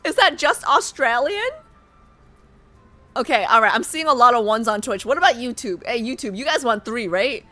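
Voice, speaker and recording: A chatty woman streamer with a high, bright voice that swings lively up and down. She talks straight to her chat and reads game text aloud between excited bursts. Faint music sits underneath. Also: moderate pace. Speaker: livestreamer. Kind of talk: casual live-stream chat and reading aloud.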